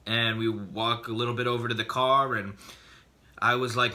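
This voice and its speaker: A man vlogging, telling a funny personal story in an animated, joking way with quick bursts of speech. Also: medium pitch.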